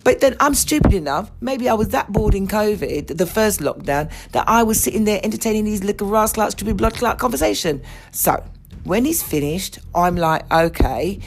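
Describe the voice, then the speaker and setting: A woman's voice: mid-range voice, expressive, normal speed, a little hiss or hum. A woman hosting her own podcast, ranting bluntly and indignantly with plenty of swearing. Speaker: podcast host. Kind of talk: ranting monologue.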